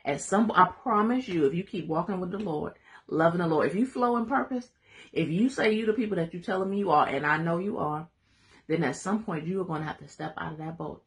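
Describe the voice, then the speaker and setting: This is a woman with a fairly low-pitched voice, speaking a little fast. She hosts a live Bible study in a lively call-and-response preaching style, full of laughter and side comments to viewers.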